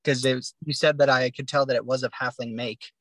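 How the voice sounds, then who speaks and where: A man's voice: medium pitch, fairly even intonation, brisk, fairly bright tone, no echo, low-quality recording. Man, player, polite thoughtful tone, dry mic. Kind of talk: casual tabletop play.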